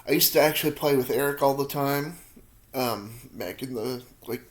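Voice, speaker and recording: A man in his thirties with a medium-pitched voice talks at a moderate pace, answering viewer questions in a wandering, self-deprecating style. He eats hot peppers as he goes, sometimes with his mouth full, and feels the spicy burn.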